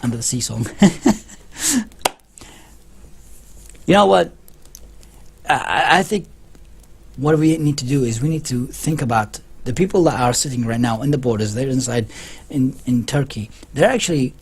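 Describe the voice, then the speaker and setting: A man's voice: mid-range voice, animated, unhurried, pauses often, breathy edge. A man talking to camera in a casual opinion vlog, rambling and emphatic, with many restarts. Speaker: vlogger.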